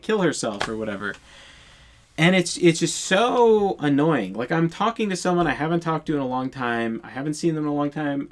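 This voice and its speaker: A man telling a storytime tale in a casual monologue, exasperated and profane, rambling with many restarts. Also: fairly high pitch.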